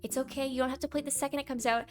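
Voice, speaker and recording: Opinionated high-voiced woman, fast talk. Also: steady tone, faint music behind. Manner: opinionated, reads out viewer comments in mocking voices. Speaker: gaming YouTuber. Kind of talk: casual commentary vlog.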